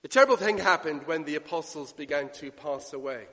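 A man preaching a sermon, emphatic, swinging between loud declarations and hushed asides. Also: fairly high pitch, brisk. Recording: long reverb of a church hall.

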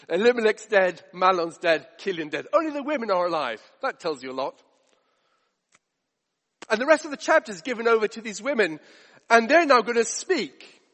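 Guy preaching, high voice, lots of reverb from a big hall. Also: big pitch swings, normal speed, pauses often, fairly bright tone. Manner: emphatic, rhetorical questions and repetition. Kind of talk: sermon.

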